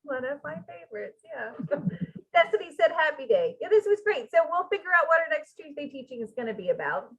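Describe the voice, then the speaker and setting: A woman's voice: high-pitched, very animated, fairly quick. A woman co-hosting a spiritual channeling show, chatting in a giggly, teasing way. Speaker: channeler and co-host. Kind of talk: casual chat. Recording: dull lo-fi audio.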